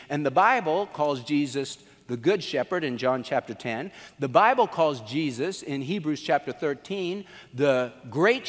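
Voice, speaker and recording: Brief: a conversational male pastor delivering a sermon, voice on the high side, long hall echo. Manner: animated storyteller, conversational.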